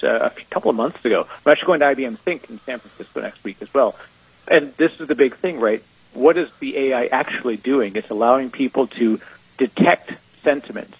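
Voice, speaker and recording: Canadian guy on a panel, jokey and animated, bit husky, dull lo-fi sound. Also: mid-range voice. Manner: joking, animated, laughs often. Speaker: panel guest. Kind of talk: casual panel discussion. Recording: dull lo-fi audio.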